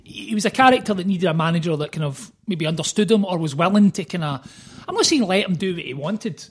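A man, an author guest on a podcast, telling stories in a fast, animated way. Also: sits high, breathy edge. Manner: fast, animated storytelling with quoted voices. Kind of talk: casual podcast chat.

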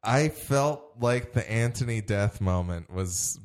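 A man's voice: fairly low pitch, lively intonation, slow, smooth. A man co-hosting a casual movie discussion, earnestly picking at the science details.

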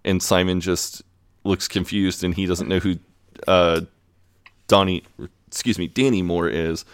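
A man recapping a TV episode on a casual podcast, retelling scenes in a relaxed way. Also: low-pitched, measured pace, clean tone, no room sound. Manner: relaxed retelling, quoting characters in plain voice. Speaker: podcast co-host.

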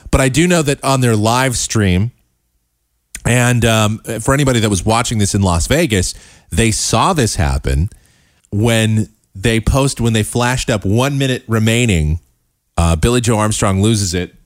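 A man's voice: lowish voice, lively intonation, no echo, clean studio sound. Sarcastic male talk-show host. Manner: sarcastic, quick asides. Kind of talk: casual talk commentary.

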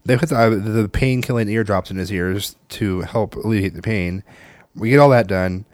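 A man in his thirties telling a family story in casual chat, animated and swearing, acting out the voices of the people in it. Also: on the low side, moderate pace, no room sound.

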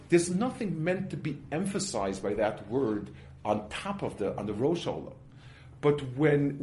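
A man's voice: on the high side, a little mellow, a little hiss or hum. A man teaching a religious text class, explaining step by step with everyday examples and often restarting his sentences. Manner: halting, with frequent restarts and worked examples. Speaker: Torah teacher.

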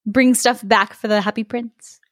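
A woman's voice: on the high side, steady tone, no echo, studio quality. Woman co-host chatting casually. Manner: warm reactions, quick laughs and short comments. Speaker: podcast co-host. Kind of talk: casual chat.

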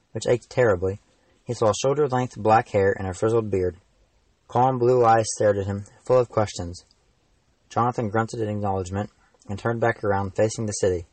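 A teenage man, the author, reading his own fantasy novel aloud in steady, even narration. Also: on the low side, no room sound, low-quality recording. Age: teens.

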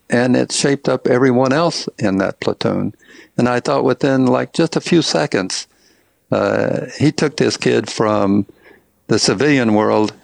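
An older man from Tennessee, an author guest, telling stories in a halting, casual way with many fillers and restarts. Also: lowish voice, vocal fry, no room sound. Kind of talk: casual interview storytelling.

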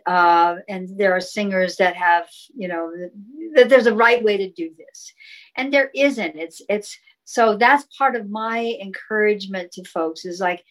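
In a relaxed interview conversation, a female guest describes sound healing in a warm, flowing, encouraging manner and demonstrates some chanted tones. She has a medium-pitched voice, and the recording is rough.

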